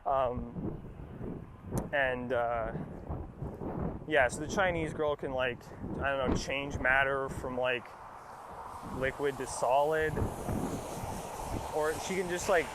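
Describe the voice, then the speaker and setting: A man's voice: mid-range voice, slow, pauses often. A young man tells a loose, profane movie recap, full of fillers and shrugging dismissals. He is recorded outdoors, with wind buffeting the mic and traffic noise plainly audible behind him. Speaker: podcast host. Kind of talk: casual rambling movie recap.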